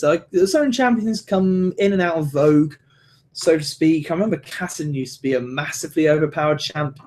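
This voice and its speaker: A man's voice: on the high side, darkish tone. A man hosting a solo podcast, rambling and swearing, with many restarts. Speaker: podcast host. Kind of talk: solo casual podcast rant.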